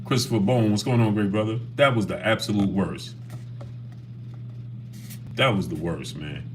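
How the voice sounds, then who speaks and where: A man's voice: fairly low pitch, moderate pace, a little hiss or hum. A man hosting a casual boxing livestream, talking animatedly and greeting chat viewers by name.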